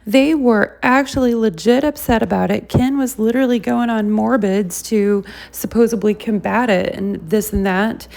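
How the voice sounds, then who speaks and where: A woman's voice: fairly high pitch, moderate pace, gravelly, hardly any pauses, a little mellow. A woman, chatting casually to viewers as she comments on clips. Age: 40s. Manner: chatty, addresses viewers as y'all. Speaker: commentary host.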